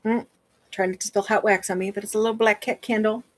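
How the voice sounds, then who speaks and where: A woman's voice: medium pitch, level tone, a little fast. A woman with a Wisconsin accent chatting casually on a livestream as a seller, rambling with many fillers. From Wisconsin, USA.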